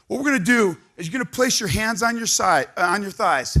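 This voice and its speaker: A man leading a live audience through stretching and partner exercises, coaching energetically and counting out loud. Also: sits high, animated, a little fast. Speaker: exercise instructor. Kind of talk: live workshop exercise instruction. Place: conference room with audience.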